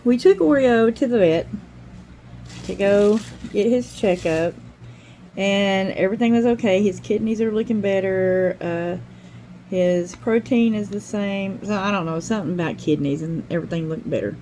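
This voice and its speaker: Older woman, mellow rambling storyteller. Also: medium pitch, normal speed, slight background noise, poor audio. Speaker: craft channel host. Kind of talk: casual chat while crafting.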